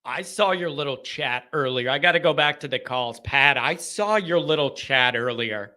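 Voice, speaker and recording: A man hosting a live call-in fan show, chatting casually and breaking into joking, animated rants. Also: medium pitch, moderate pace.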